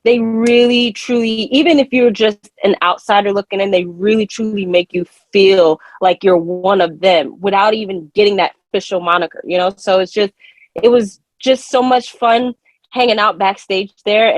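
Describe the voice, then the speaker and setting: A woman's voice: medium pitch, normal speed, no echo. Laid-back woman with New Jersey accent. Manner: laid-back, laughs easily, rambling. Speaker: wrestler guest. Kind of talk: casual interview.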